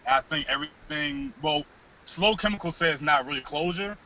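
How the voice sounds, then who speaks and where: A man co-hosting a podcast, telling a story in casual chat, cursing freely and animated. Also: on the high side, moderate pace, creaky, slight background noise. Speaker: podcast co-host. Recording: dull lo-fi podcast recording.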